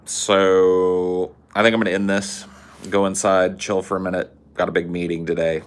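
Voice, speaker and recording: A man's voice: low voice, flat delivery, moderate pace, clear, resonant tone. A man co-hosting a podcast, talking in a laid-back, casual way with swearing. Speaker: podcast co-host. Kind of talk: casual chat.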